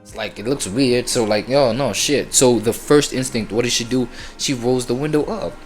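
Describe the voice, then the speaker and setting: A man's voice: mid-range voice, moderate pace, soft background music. A man hosting a reaction video, rambling in casual slang with lots of fillers.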